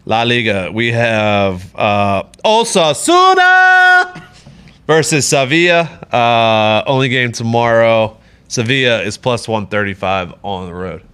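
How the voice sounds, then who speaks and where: A man's voice: fairly low pitch, fairly even intonation, fairly bright tone, clear, resonant tone. A man hosting a sports betting podcast, joking and swearing as he runs through the picks. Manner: joking, profane, runs through bets briskly. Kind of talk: casual chat.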